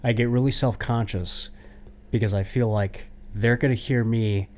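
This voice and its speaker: A man's voice: mid-range voice, fairly even intonation, normal speed, a little mellow. Chatty man from the United States. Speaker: podcast co-host. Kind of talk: casual chat.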